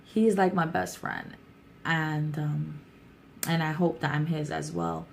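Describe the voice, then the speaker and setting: A young adult woman talking candidly and warmly to her vlog viewers, with a chatty, heartfelt manner. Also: deep voice, fairly even intonation, slow pace, gravelly, slight background noise. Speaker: YouTuber. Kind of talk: casual vlog talk.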